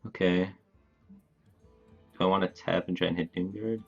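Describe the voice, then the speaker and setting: Streamer, male, deep voice, laid-back gameplay commentary, thinks out loud. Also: fairly even intonation, creaky, dull audio, soft background music. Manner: thinks aloud, plans moves in quick bursts; laid-back, talks to his chat casually. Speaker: game streamer.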